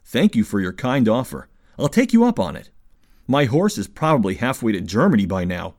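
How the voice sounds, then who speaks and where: A hardy army officer in an audiobook, hoarse and worn from the cold, as a man reads him. His voice moves with lively pitch even in fatigue. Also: fairly quick. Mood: weary.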